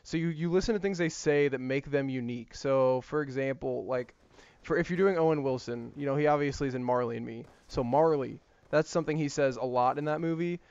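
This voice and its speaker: A man chats casually over gameplay in a rambling way, full of fillers and restarts, at a middle pitch. The audio is slightly dull and lo-fi, like a cheap mic. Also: fast talker, darkish tone, clean tone, no room sound. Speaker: gaming YouTuber.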